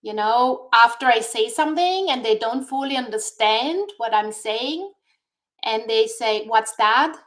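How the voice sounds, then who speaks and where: A woman guest on a talk show, speaking in a deliberate, encouraging way over a video call. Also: a little high, expressive. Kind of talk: motivational talk-show chat.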